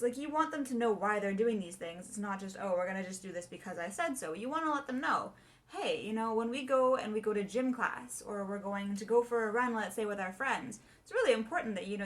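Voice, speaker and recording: A young adult woman voice teacher explaining warm-ups in a chatty way and singing short demonstrations. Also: medium pitch. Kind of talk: casual video lesson.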